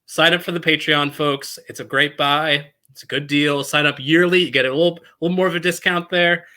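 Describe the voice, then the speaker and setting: A man's voice: a little high, steady tone, a little fast, sharp tone. A man co-hosting a podcast who jokes and plugs the show's membership in a casual chat. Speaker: podcast co-host.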